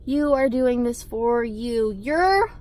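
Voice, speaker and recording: Young woman, high voice, vlogger, blunt motivational talk, emphatic and repetitive, casual swearing, outdoors. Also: lively intonation, takes it slowly, darkish tone. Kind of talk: motivational pep talk to camera.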